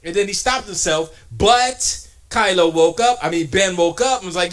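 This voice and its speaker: A man's voice: sits high, expressive, normal speed, few pauses, fairly bright tone. A man chatting casually on a live stream while gaming, slangy and trash-talking. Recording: music playing behind. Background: music.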